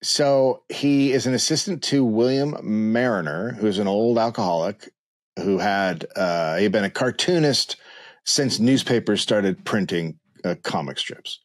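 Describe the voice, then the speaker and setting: A man hosting a comedy podcast, narrating a history story in a dry, deadpan way. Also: lowish voice, measured pace.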